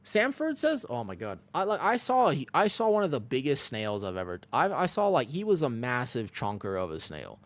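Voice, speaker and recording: A young man chats casually on a game stream, rambling from one thought to the next as he answers his viewers. His mid-pitched voice swings widely up and down, and keyboard typing clicks behind him. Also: normal speed, few pauses. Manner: rambling, animated, reads chat and answers. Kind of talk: casual chat while gaming.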